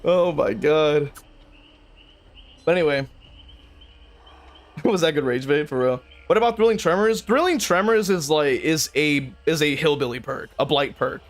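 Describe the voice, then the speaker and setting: Brief: young man, high voice, venting casually to chat while gaming, sweary and exasperated. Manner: exasperated, swearing, frequent laughs. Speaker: game streamer. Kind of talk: casual livestream commentary.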